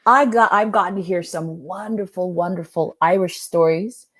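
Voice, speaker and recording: A woman storyteller and author chatting casually over a video call, animated and laughing often. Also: lowish voice, normal speed.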